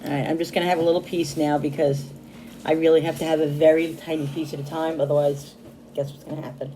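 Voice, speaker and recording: A woman's voice: sits low, flat delivery, fast, dark tone. Chatty woman vlogging in a noisy kitchen. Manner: chatty, bubbly, laughs often. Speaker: cooking channel host. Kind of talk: casual home vlog. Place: home kitchen.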